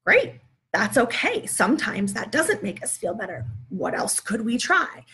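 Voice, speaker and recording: A woman's voice: fairly high pitch, sing-song, moderate pace, bright, forceful tone. Brief: woman, parenting educator, chatty live-stream teaching tone, talks through sample conversations. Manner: conversational, works through example dialogues. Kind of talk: live video teaching talk.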